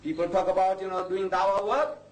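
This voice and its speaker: A man's voice: sits high, little pitch movement, brisk. An older man, lecturing an audience as a Muslim preacher, impassioned and rising to indignant outbursts. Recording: echoey hall, distant mic, faint noise.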